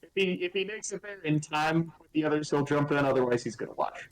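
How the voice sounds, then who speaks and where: A man's voice: a little high, expressive, fast, soft background music, rough recording. A man playing his character at a tabletop game in casual talk, hesitant and full of fillers. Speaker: player.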